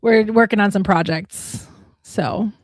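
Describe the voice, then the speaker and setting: Young woman host, Minnesota accent, chatty storyteller; dry close mic, mid pitch. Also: a little slow, no echo. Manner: chatty storyteller, acts out quoted voices. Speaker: host, romance author. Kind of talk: casual livestream chat. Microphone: home livestream mic.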